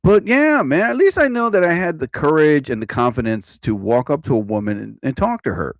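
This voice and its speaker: Male live-stream host, rambling profane rant, fairly high and lively pitch, dry mic. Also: fairly quick, dry recording. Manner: animated, profane, repeats himself. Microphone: own desk mic.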